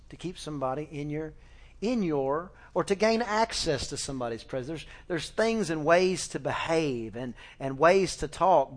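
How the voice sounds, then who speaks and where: A middle-aged man preaching a sermon in a folksy, animated way, with fillers and restarts, sometimes acting out family conversations. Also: on the high side. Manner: acts out family dialogue with shifting voices. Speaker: pastor.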